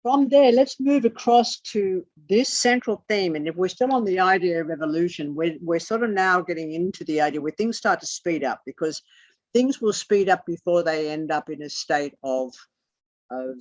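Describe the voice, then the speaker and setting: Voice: mid-range voice, normal speed, no echo. Swearing, rambling tarot teacher, dull recording. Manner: swears casually and drifts into muttered asides. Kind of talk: rambling esoteric lecture.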